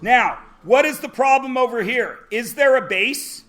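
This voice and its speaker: A man's voice: extremely high pitch, expressive, a little slow, fairly bright tone. A man teaching a classroom lesson, joking and quizzing his students as he goes. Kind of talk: classroom lecture.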